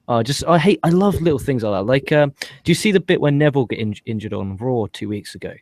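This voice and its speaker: A man co-hosting a wrestling review podcast, rambling and swearing in loose, excitable banter. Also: mid-range voice, fast, no echo. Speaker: podcast co-host. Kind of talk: casual wrestling review chat.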